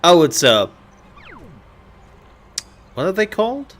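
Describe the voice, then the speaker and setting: A man's voice: high-pitched, sing-song, takes it slowly, a bit bright. A man casually commenting while streaming a video game, playful and rambling, joking to himself.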